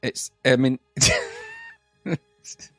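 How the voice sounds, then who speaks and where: A man's voice: drawn-out words, dry recording, studio quality, faint music behind. A man co-hosting a retro games podcast in casual joking chat, often slipping into silly voices. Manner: jokey, lively, slips into silly voices. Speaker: podcast co-host.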